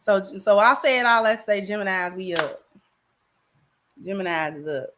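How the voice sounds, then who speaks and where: A woman hosts a livestream in a loose, slangy chat that rambles from one thought to the next. Her voice sits at an ordinary middle pitch for a woman. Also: moderate pace, a bit bright, slight background noise. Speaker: livestream host. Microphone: camera.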